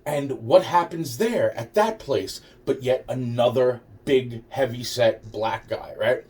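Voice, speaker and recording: A man's voice: medium pitch, slow, a little mellow, distant mic. A man telling a rambling, profane personal story with sarcastic asides.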